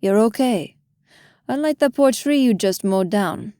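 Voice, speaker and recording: A woman voicing a cheerful, friendly man with a gentle lilt in his speech, in an audiobook. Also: a little high, expressive, a little slow, no echo, clean studio sound. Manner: warm, sing-songy and gentle.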